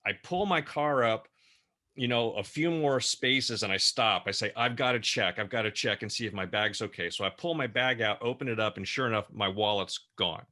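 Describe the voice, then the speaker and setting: A man co-hosting an interview, telling a personal anecdote in a lively way and acting out the dialogue. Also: on the low side, moderate pace. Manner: lively storyteller who acts out quoted dialogue. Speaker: co-host.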